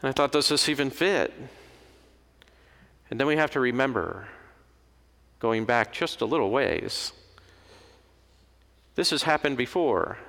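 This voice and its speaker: A man's voice: mid-range voice, animated, measured pace, creaky, long pauses, a bit bright. A man preaching a sermon in a conversational, storytelling manner. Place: church. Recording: long hall reverb.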